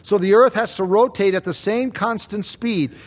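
Male pastor, high voice, emphatic sermon delivery, rhetorical questions. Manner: emphatic, slows down and rises on key claims; asks the congregation rhetorical questions. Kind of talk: expository sermon.

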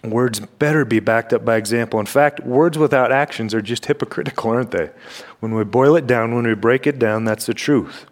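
A young man preaching a sermon in a church, emphatic and full of rhetorical questions, clearing his throat now and then. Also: mid-range voice, fairly quick. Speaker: campus ministry preacher. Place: church sanctuary.

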